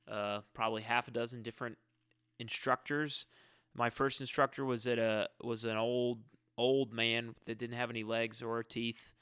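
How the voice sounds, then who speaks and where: A man with a bright, crisp voice answers fan questions in a relaxed live-stream Q&A. He rambles, halts and restarts his sentences. The sound is dry and close. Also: medium pitch, no room sound.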